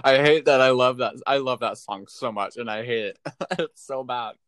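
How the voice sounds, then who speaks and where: Young podcast co-host, casual chat, laughs a lot, easily flustered, mid pitch, dry recording. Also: normal speed, no room sound.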